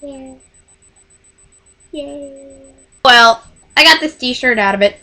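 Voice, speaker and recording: A woman in her twenties telling a rambling, excitable storytime to camera in casual chat. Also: fairly high pitch, normal speed. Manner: rambling, excitable, gushing fan. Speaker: vlogger.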